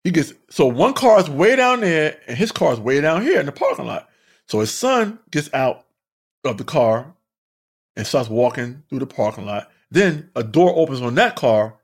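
Animated, profane comedian telling stories. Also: male voice, medium pitch, moderate pace, husky. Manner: animated, profane, laughs often. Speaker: stand-up comedian. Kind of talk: casual storytelling.

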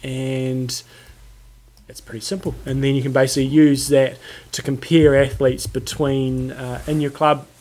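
A man's voice: medium pitch, flat delivery, measured pace, darkish tone. A man co-hosting a casual chat, easygoing with dry humor. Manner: easygoing, dry, brief replies. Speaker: podcast co-host.

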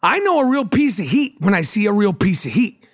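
A man's voice: high-pitched, very animated, brisk. Brash, mocking New York man ranting. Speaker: podcast host. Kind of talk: solo podcast rant.

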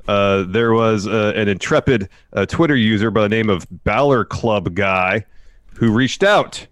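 A man co-hosting a wrestling news podcast in casual chat, often pausing with uh fillers. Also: lowish voice, a bit bright, clear, resonant tone, no echo, clean studio sound. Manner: hesitant, many uh fillers. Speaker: podcast co-host.

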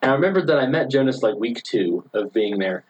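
A man's voice: medium pitch, animated, fairly quick, muffled recording, a little hiss or hum. A man in his twenties chatting casually as a podcast guest, rambling through stories with lots of fillers and laughs. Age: 20s. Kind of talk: casual chat, storytelling.

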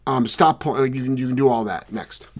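A man hosting a live dog training podcast, talking loudly and rambling in an excitable, casual way. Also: mid-range voice, fairly quick. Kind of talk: casual live show chat.

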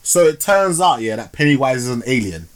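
A man's voice: medium pitch, very animated, a little fast. A man hosting a podcast, casually reviewing films in a slangy, rambling way. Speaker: podcast host. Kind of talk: casual film review chat.

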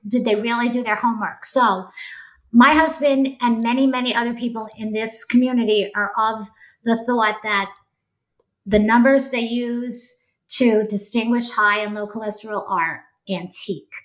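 A woman in her sixties speaks as a guest in a casual podcast conversation. Her voice sits a little high, and she stresses her points earnestly. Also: fairly even intonation, moderate pace, poor audio. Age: 60s.

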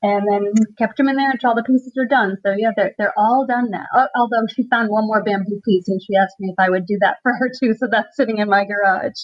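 A woman's voice: mid-range voice, a little fast. A woman talking in a casual interview, chatty and given to laughs, with many "um"s and restarts. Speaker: furniture refinisher, contest winner. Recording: slightly dull lo-fi sound.

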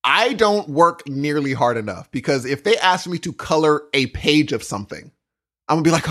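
A man co-hosting a podcast in casual chat, animated, often cutting in and restarting his sentences. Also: on the high side, normal speed. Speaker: podcast co-host.

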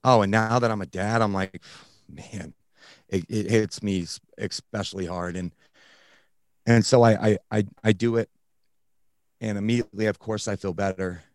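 A man, a guest on a talk show, telling his personal story candidly in casual slang, often halting and restarting. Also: lowish voice, fairly even intonation, no echo, clean studio sound. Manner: blunt, casual, uses slang. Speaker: guest recounting his addiction recovery.

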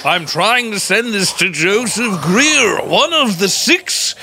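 Lively high man with affected delivery. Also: slow pace, slight background noise. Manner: theatrical, affected, mock-mystical delivery. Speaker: improv performer. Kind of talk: improv comedy scene.

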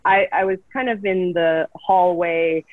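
An actress from Canada, a guest telling gushing, enthusiastic stories in a casual interview. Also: female voice, lowish voice, fairly even intonation, measured pace, dry recording. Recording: tinny phone-like line, dry.

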